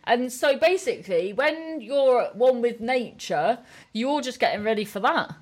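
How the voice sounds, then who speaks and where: A woman's voice: on the high side, animated, measured pace, breathy edge. A woman comedian co-hosting a podcast, telling rambling, sweary stories in casual chat.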